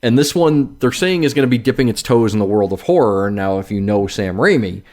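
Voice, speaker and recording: Casting: male podcast host, lively pitch swings, casual, swears freely. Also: fairly quick. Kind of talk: casual chat.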